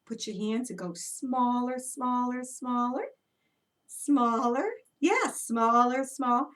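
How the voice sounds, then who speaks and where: A woman who is an early childhood educator, leading a children's story time with movement in an animated, encouraging way for toddlers. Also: fairly high pitch, slow pace, recorded from a distance.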